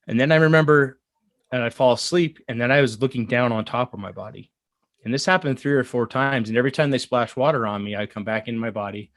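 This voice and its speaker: An earnest man in his thirties recounts a personal story, pausing and restarting often. His voice sits mid-range, and the recording is dry with no room sound. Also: medium pitch, no echo. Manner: earnest, halting with fillers and restarts. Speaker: guest. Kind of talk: casual storytelling.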